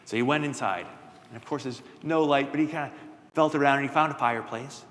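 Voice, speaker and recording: A man telling a children's story at a worship service, playful and lively, with asides to his listeners. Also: mid-range voice, quick pace. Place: church sanctuary. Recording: long church reverb.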